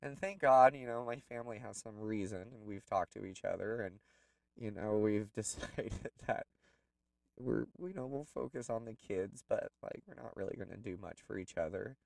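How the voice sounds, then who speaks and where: A man's voice: lowish voice, normal speed, gravelly, darkish tone, dry recording, recorded from a distance, low-quality recording. A man telling a personal story in a candid, rambling way, with plenty of fillers. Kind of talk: personal reflective monologue.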